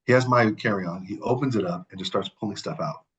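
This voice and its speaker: A man, a podcast guest, telling a story in a casual, animated and profane way, acting out the people he quotes. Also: on the low side, fairly quick, rough recording.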